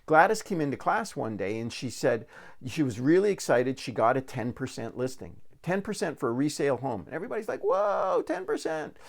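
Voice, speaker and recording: A man's voice: mid-range voice, expressive, a little fast. A man giving a recorded real estate sales training talk, telling folksy stories and repeating words as he restarts.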